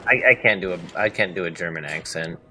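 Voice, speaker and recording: A man's voice: sits low, fast talker, sharp tone, soft background music. A man in a casual group chat, making dry wisecracks. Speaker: guest on a stream.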